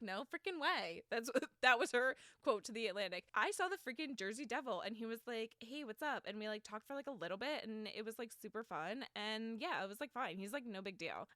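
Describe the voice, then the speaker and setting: A woman's voice: on the high side, bright, forceful tone, no echo, clean studio sound. A woman hosting a solo podcast, telling a folklore story in a chatty, sarcastic way with lots of filler words. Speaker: podcast host.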